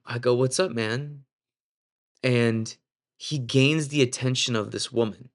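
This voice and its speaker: A man with a mid-range voice telling a ministry story from his own life. He speaks earnestly and candidly, working as a Christian minister. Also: mid-range voice.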